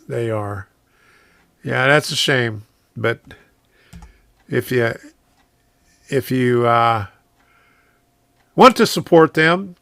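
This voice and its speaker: A man's voice: mid-range voice, creaky, a bit bright, no room sound. A man hosting a casual live stream from his home train room, rambling, chuckling often and reading viewers' comments aloud.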